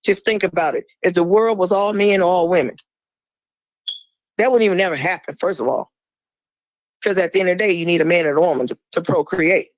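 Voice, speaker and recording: As a podcast guest, a woman talks bluntly and fierily, swearing freely and suddenly dropping into a low, slow voice for emphasis. The recording is muffled but has no echo.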